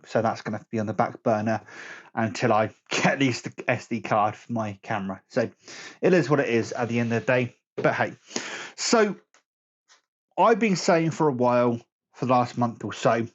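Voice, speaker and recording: A man's voice: mid-range voice, muffled recording. A man vlogging about board games in casual chat to camera at home, rambling and correcting his own slips as he goes. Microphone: phone camera.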